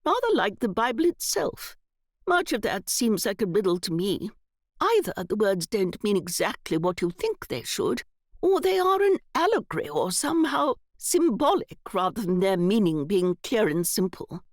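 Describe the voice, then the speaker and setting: A woman's voice: medium pitch, big pitch swings, moderate pace, no echo, studio quality. A woman voicing a haughty elderly aristocratic aunt who speaks sharply and imperiously. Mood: musing.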